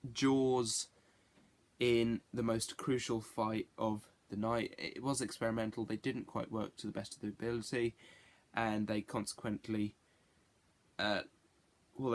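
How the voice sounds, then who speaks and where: A man giving a casual spoken review, rambling and correcting himself as he goes. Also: mid-range voice. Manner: rambling, self-correcting, chatty. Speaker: TV show reviewer.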